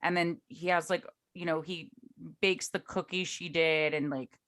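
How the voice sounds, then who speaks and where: A woman's voice: low-pitched, fairly even intonation, measured pace, a bit bright. A young woman co-hosting a podcast in casual chat, talking loosely with lots of "like" and frequent laughter. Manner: chatty, lots of "like", laughs often. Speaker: podcast co-host.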